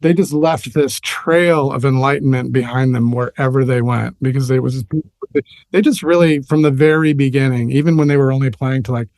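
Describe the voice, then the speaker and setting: Rambling animated man, dry close sound. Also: mid-range voice, normal speed, no room sound. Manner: rambling, restarts often, animated when recalling. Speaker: podcast guest, musician. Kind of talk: casual storytelling chat.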